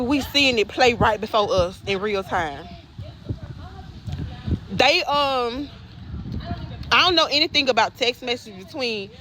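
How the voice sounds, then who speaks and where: A woman, recapping a court trial in casual chat, emphatic and animated, repeating phrases and calling the viewers y'all. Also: on the high side, slight background noise, rough recording.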